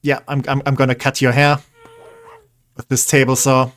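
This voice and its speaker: A man's voice: medium pitch, little pitch movement, moderate pace, fairly bright tone. A man casually chatting while streaming a building game, rambling and coaxing his in-game pets along. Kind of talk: casual gameplay commentary.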